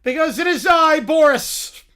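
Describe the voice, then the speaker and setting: A man's voice: very high-pitched, measured pace, bright, forceful tone, voice pushed up, full character voice. A man voicing a grandiose male wedding officiant who makes pompous proclamations.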